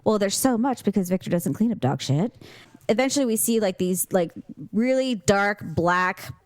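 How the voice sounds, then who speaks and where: A woman's voice: mid-range voice, moderate pace, no echo. A woman co-hosting a podcast, chatting casually and acting out the people in her stories as she tells them. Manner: animated storytelling with acted-out quotes and laughs. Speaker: podcast co-host. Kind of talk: casual chat.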